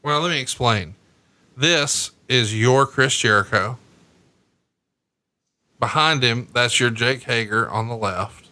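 A podcast host crudely teases his co-host and recaps old matches in casual banter. His voice is pushed and bright, and he talks slowly with long pauses, his pitch jumping whenever he jokes.

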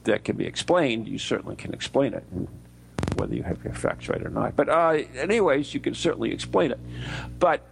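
An American man co-hosting a radio show, telling a story in a rambling, halting way with many fillers. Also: medium pitch, sing-song, vocal fry, a little hiss or hum. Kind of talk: casual radio banter.

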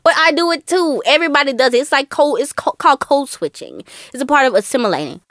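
A woman co-hosting a casual podcast, talking with animated ups and downs and mimicking other people. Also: high-pitched, fast, no echo, clean studio sound. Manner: animated, mimics voices with laughs. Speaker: podcast co-host.

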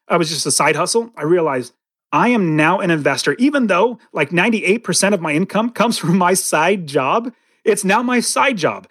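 A man's voice: on the high side, fairly bright tone, no echo. A man in his forties, a podcast guest, telling a vivid story about his past in an interview. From California. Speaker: podcast guest, real estate investor.

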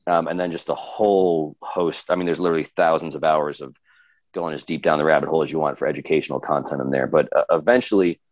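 A man's voice: a bass voice, fairly even intonation, quick pace, no echo. A man talking as a podcast guest in a laid-back, casual way, swearing easily and joking at his own expense. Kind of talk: casual chat.

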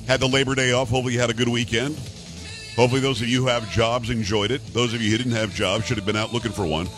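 A man hosting a talk radio show, delivering a sarcastic, emphatic political monologue into a studio microphone. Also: mid-range voice.

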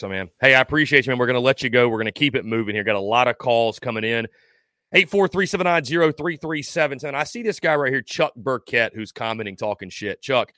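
A man's voice: mid-range voice, bright, forceful tone, no echo, clean studio sound. A man hosting a sports call-in show, talking bluntly and sarcastically in a loose, casual way.

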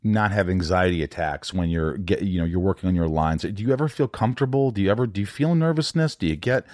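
A man's voice: low voice, lively intonation, fast talker, a little mellow, no echo, clean studio sound. A man hosting a podcast in casual interview chat, swearing freely and acting out voices when he tells stories. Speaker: podcast host.

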